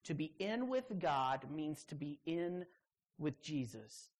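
Preaching a sermon live, a woman talks with emphasis and a chatty style, teasing on the side and leaping into high voices for quotations. She sounds very animated but speaks slowly, with a somewhat dark tone.

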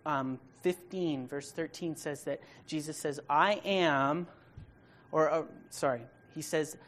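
In a deep voice, a woman preaches, first reading scripture and then explaining it. Key words get heavy stress, and her loud emphasis gives way to hushed tones.

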